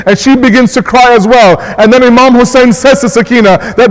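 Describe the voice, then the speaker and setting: A male religious scholar giving a mournful sermon, impassioned, repeating words and slowing down for emphasis. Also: extremely high pitch, long reverb tail, poor audio. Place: mosque hall.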